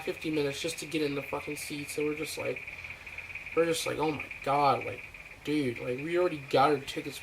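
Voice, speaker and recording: A young man telling a rambling, profane story in a ranting vlog, full of fillers and acted-out quotes. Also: a little high. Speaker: vlogger. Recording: noisy home recording.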